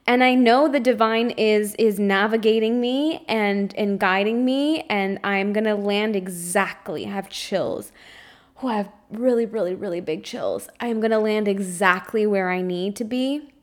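A woman's voice: mid-range voice, a little slow. A young woman hosting her own podcast, talking openly and at length about her fears, searching for words and swearing freely. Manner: emotionally open and confessional. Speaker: podcast host and spiritual coach. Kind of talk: candid solo podcast monologue.

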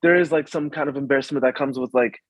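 Speaking as a guest in a relaxed chat, this young man from suburban Washington, DC stumbles along, filling gaps and starting over often. He has a medium-pitched voice, and the recording is dry with poor audio.

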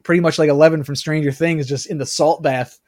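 A man's voice: on the high side, no room sound. Man talking movies in a dry close-mic sound. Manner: animated, quick bursts with many fillers. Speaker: podcast co-host. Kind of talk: casual movie review chat.

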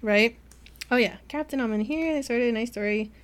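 A woman co-hosting a casual book club podcast, retelling scenes in an animated way and acting out the characters' lines. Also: fairly high pitch, fairly quick, crowd noise. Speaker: podcast co-host.

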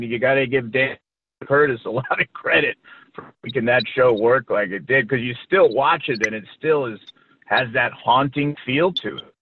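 A man from New York, a guest in a casual interview, recalling the past with halting restarts and fond asides. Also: medium pitch, slight background noise. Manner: rambling, halting, full of restarts and warm recollection. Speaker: guest recalling a childhood acting career. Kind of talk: casual interview over a call. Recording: tinny phone-like line.

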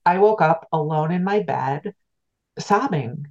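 A woman's voice: sits low, animated, a little slow, darkish tone. A middle-aged woman, a spiritual teacher, earnestly telling a personal story as an interview guest, often restarting her words. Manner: earnest, reflective, repeats words as she restarts. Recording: dull lo-fi sound.

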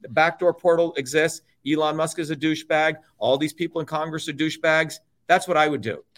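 Fairly high in pitch, brisk, and a bit bright, this middle-aged guest rails about politics. He is profane and emphatic, repeating himself relentlessly.

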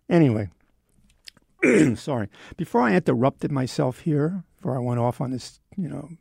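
A man's voice: fairly high pitch, big pitch swings, measured pace, gravelly, long pauses, a little mellow, slightly rough, no room sound, studio quality. A man in his seventies talking in a rambling, wry, self-deprecating monologue as host. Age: 70s. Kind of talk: casual monologue.

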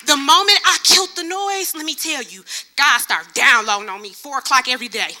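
A young woman giving a lively testimony sermon, acting out other people's voices as she tells her story. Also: a little high, a little fast, few pauses. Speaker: church speaker.

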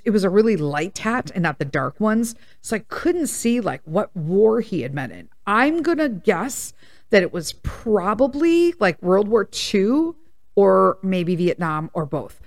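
A woman's voice: mid-range voice, sing-song, takes it slowly. A woman in her thirties or forties hosting a casual chat podcast, rambling through personal stories with tangents and blunt, profane asides. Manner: blunt and profane when worked up. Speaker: podcast host.

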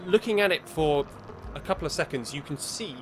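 A man running a tabletop game, describing the scene in a measured way with many fillers. His voice sits a touch high. Clear background music plays under him. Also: animated. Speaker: game master.

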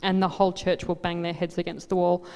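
A woman pastor preaching a sermon, swinging from quiet asides to loud, animated outbursts. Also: fairly low pitch, fast talker, clean tone. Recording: long hall reverb.

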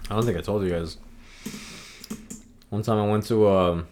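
A man's voice: lowish voice, fairly even intonation, normal speed, darkish tone, a little hiss or hum. A young man co-hosting a casual podcast, loose and teasing with his friends. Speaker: podcast co-host. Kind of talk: casual chat.

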